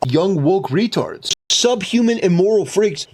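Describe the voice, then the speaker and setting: A man's voice: sits high, expressive, a little slow, slight background noise. A man ranting in online commentary clips, spitting out contemptuous insults in short bursts. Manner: contemptuous, clipped name-calling. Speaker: YouTube commentator. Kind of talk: supercut of online commentary rants.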